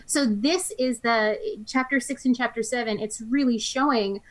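A woman with a fairly high voice co-hosts a Bible study discussion. She moves quickly through each chapter and sums up the story in plain everyday words. Her speech is clear and close to a studio microphone. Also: poor audio. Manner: retells scripture in her own words, with brisk summaries.

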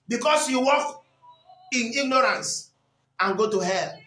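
A man preaching a sermon with great passion, often shouting and repeating lines. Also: extremely high pitch, lively intonation, unhurried, pauses often. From Nigeria. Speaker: pastor. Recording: echoey hall.

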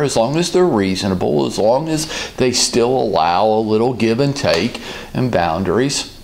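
A man hosting a business advice talk, speaking in a calm, measured and direct way. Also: medium pitch. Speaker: host, business coach.

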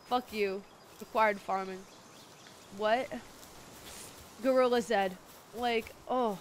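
A woman streamer chatting casually and profanely while gaming, with a sore throat, excitable and squealing over cute things. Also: fairly high pitch, slow, pauses often, soft background music.

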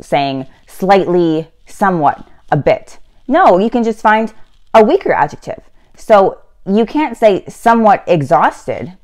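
A woman's voice: medium pitch, darkish tone. A woman giving a casual lesson on writing, explaining with chatty asides and self-corrections. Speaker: writing tutor.

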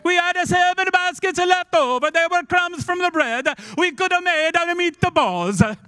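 A man's voice: extremely high pitch, animated, a little slow, pushed and bright, pitched above the performer's own voice, heavily acted. A man voicing Jesus as a hammy, exasperated figure with a comic Italian accent, scolding about forgotten bread.

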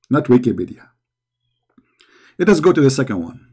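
A man's voice: mid-range voice, very animated, moderate pace, long pauses, a little mellow, husky. A man hosting a reaction commentary, talking back to a played video in a mocking, sarcastic way. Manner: sarcastic, mocking, repeats words heatedly.

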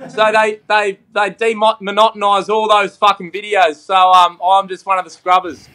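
A young man with an Australian accent talks in a casual podcast chat, full of crude jokes and swearing. His voice sits high and sounds bright. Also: flat delivery, normal speed. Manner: crude, swearing, abrasive banter. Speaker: comedian guest.

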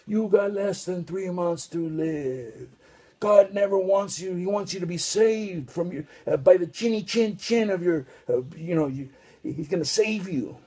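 A man's voice: high voice, a little slow, mellow, slightly rough. A man preaching a casual, rambling sermon full of restarts and street slang.

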